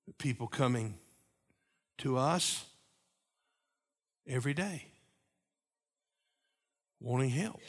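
A man preaching a sermon as pastor, moving between emphatic raised passages and hushed, repeated lines. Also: medium pitch, expressive, slow pace, pauses often. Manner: preaching with swings from loud emphatic peaks to hushed, repeated phrases.

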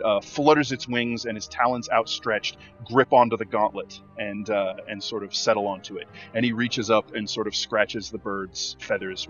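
A man's voice: lowish voice, a bit bright, dull audio. A man narrating a tabletop game as game master, with descriptive, filler-heavy speech.

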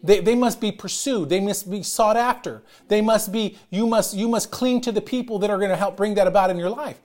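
A middle-aged man preaching a sermon as pastor, loud and emphatic, calling out to his congregation. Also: sits high, brisk.

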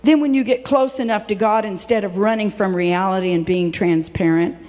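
A woman's voice: medium pitch, moderate pace, darkish tone. A woman preaching a sermon in a church, impassioned and dramatic, acting out the voices she quotes. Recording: long reverberant hall.

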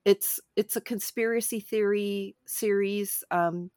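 A woman's voice: medium pitch, takes it slowly, dry recording. Chatty woman, dry close sound. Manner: animated, laughs often, chatty. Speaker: podcast co-host. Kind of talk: casual film discussion.

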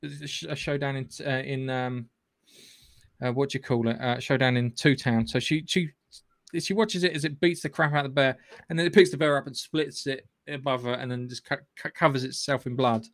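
A man's voice: mid-range voice, fairly even intonation, fairly quick, no room sound. A man hosting a podcast, retelling a film in a rambling, swearing, casual way with lots of restarts. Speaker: podcast host. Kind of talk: casual film recap chat.

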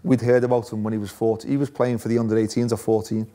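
A man's voice: lowish voice, level tone, quick pace, mellow. A man, a former footballer, telling stories in a casual interview, laughing often. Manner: chatty, laughs often, restarts phrases.

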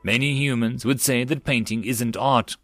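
A man's voice: medium pitch, steady tone, normal speed, fairly bright tone, lightly acted. A man voicing a wry, often exasperated human woman diplomat who sighs through her explanations.

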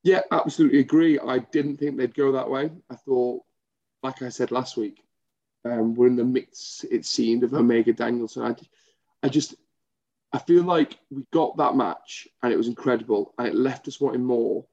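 A man co-hosting a podcast, chatting casually and eagerly, with quick agreeing interjections. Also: medium pitch, steady tone, warm tone. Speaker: podcast co-host. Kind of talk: casual wrestling chat. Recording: slightly dull lo-fi audio.

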